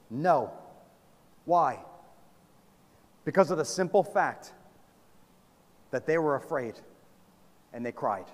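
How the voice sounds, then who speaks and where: A man preaching a sermon, swinging from loud calls down to hushed, low lines. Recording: long hall reverb.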